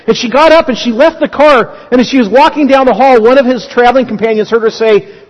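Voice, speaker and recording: High-voiced man preaching in a reverberant hall. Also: fairly quick, dull audio. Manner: conversational storytelling with frequent restarts. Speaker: pastor. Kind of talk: sermon.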